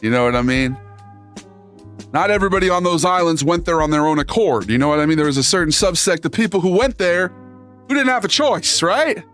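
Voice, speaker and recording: A man's voice: fairly high pitch, expressive, brisk, fairly bright tone, soft background music. A man hosting a live stream, chatting casually with his chat in a laid-back, sarcastic, slangy way. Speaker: livestream host reading chat.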